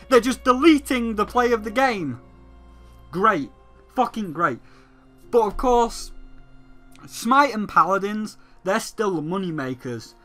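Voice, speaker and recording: A man with a high, sharp, forceful voice rants as a gaming commentator. He is profane and sarcastic throughout. Faint music plays behind him.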